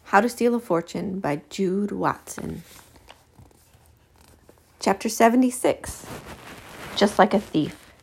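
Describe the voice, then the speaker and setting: A teacher reads a children's novel aloud to her class, putting expression into the story. Her voice is gravelly, and she goes back to fix her own misreadings. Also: medium pitch, takes it slowly, pauses often. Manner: expressive, self-correcting.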